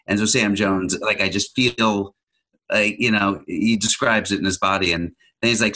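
Low bright-sounding guy hosting, lots of uh's, kinda halting. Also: fairly even intonation, rough recording. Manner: halting, many uh fillers. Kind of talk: casual conversation.

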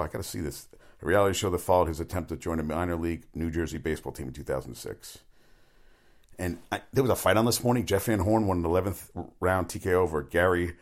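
A man hosting a sports talk show, rambling bluntly from one topic to the next with frequent restarts and swearing. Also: deep voice. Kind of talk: rambling casual monologue.

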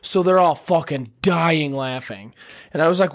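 A man's voice: fairly high pitch, measured pace. A man casually telling crude stories and ribbing his friends on a podcast. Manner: crude, storytelling, animated. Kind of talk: casual chat.

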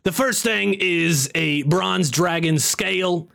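A man voicing an old wizard trapped inside a talking stone, in a high, whiny impression voice. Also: slow, vocal fry, pushed and bright, exaggerated voice. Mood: bossy.

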